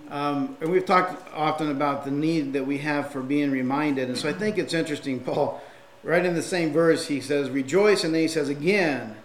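A man's voice: fairly high pitch, moderate pace, a little hiss or hum. Man preaching in an echoey hall. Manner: conversational, with frequent fillers and restarts. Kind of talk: sermon.

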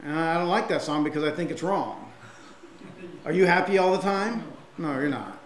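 A man's voice: on the high side, expressive, moderate pace, reverberant, slight background noise. A man preaching a sermon and reading scripture aloud, in a conversational manner with frequent fillers and restarts.

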